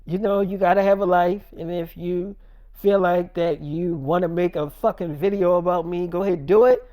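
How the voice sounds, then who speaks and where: Performer doing a young wife, shaken but forgiving, who rambles and halts; mellow, dry and close. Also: mid-range voice, fairly even intonation, no echo, natural voice. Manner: rambling, halting, full of fillers. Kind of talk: improvised storytelling.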